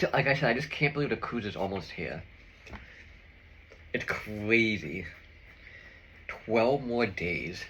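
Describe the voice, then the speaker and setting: A man vlogging to his viewers in a low, bright, forceful voice. He rambles and shares opinions loosely, piling up fillers as he eats. A faint background noise sits under his voice. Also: rough recording. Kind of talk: casual chat to viewers.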